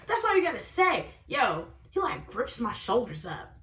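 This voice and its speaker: Young woman, storytime vlogger, lively swooping pitch, bright voice, roomy echo from a distance. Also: moderate pace, hardly any pauses. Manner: animated, swinging from high exclamations to low asides. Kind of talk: casual storytime.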